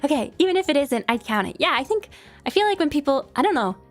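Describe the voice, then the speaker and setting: A woman's voice: high voice, sing-song, fast. A young woman with a New York accent chatting casually with her stream, giggling often and trailing off into fillers and restarts. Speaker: streamer answering viewer questions. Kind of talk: casual chat. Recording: faint music behind.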